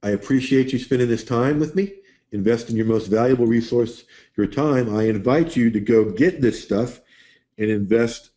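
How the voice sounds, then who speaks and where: A man's voice: lowish voice, mellow. A man hosting a live webinar, chatting loosely and answering viewers' questions by name. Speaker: webinar host.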